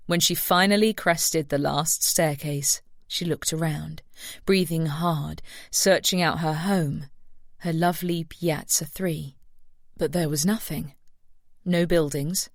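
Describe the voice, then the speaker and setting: Low-voiced woman reading an audiobook. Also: no echo, studio quality. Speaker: audiobook narrator. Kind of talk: scripted narration.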